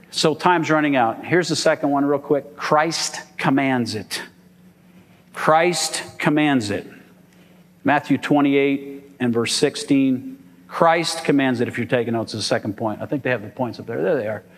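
Guy preaching in church, kinda high voice, big echoey hall, keeps asking amen. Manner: emphatic, call-and-response, asks "amen?". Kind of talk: sermon. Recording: long hall reverb.

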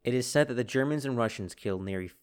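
A man hosting a casual history podcast, telling the story with animated bursts and acted-out quotes. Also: mid-range voice, fast talker, clean tone. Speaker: podcast host.

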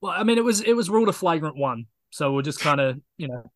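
Male podcast co-host, dry wit, slightly raised pitch, close dry recording. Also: expressive, fast, a bit bright, no echo. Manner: dry, joking. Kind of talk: casual chat.

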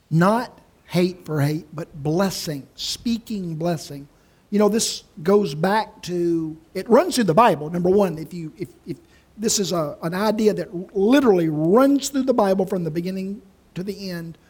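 A man teaching on the Bible in conversation, deliberate and emphatic, leaning on key words. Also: high voice, darkish tone, slightly rough.

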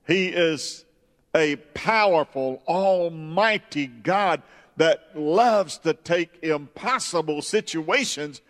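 Man, preacher, slow deliberate delivery, fairly high voice, long hall reverb. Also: expressive, fairly bright tone, a faint crowd. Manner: slow, emphatic preaching that climbs high when stirred. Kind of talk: sermon.

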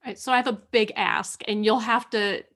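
A woman with a fairly high voice hosts an interview. She asks her questions in a thoughtful, friendly way. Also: steady tone, brisk, fairly bright tone. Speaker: interview host.

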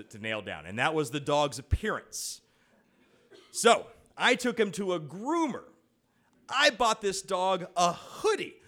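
A man telling a personal anecdote to an audience, acting out the voices of the people in his story. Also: on the high side. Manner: animated storytelling, acts out quoted voices.

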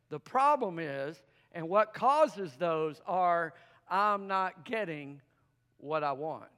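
A man's voice: high-pitched, fairly bright tone, smooth. A man preaching a sermon as pastor, coaxing the congregation into call-and-response and laughing often in a playful way. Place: church sanctuary. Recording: long hall reverb.

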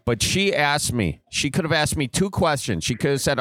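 A man's voice: a little high, big pitch swings, normal speed, fairly bright tone, dry recording, studio quality. A man in his twenties from Wisconsin, co-hosting a casual podcast, rambling and sarcastic, often trailing off mid-sentence. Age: 20s. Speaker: podcast co-host.

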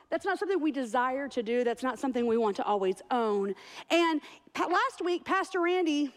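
A woman delivers a sermon in a church. Her voice sits high, and she tells her stories in a chatty, joking way, often teasing herself. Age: 40s. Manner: chatty, self-deprecating storytelling. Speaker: pastor.

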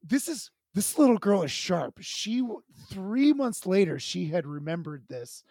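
A man co-hosting a podcast, telling a comic story in an animated way and laughing as he goes. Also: high-pitched, measured pace, no room sound, studio quality. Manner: animated, laughing as he tells stories. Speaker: podcast co-host. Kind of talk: casual chat, comic storytelling.

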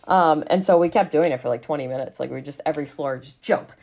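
Giggly low-voiced woman telling stories. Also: fast. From Alaska. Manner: giggly, animated, frequent laughs and fillers. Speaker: podcast guest. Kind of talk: casual storytelling chat.

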